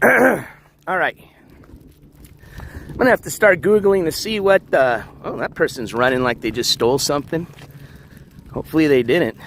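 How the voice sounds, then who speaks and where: A man hosting a casual walking livestream outdoors, reading the chat aloud, shouting thanks for donations, and losing his voice. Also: a little high. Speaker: livestream host. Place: outdoors on city streets, walking dogs. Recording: faint street noise outdoors.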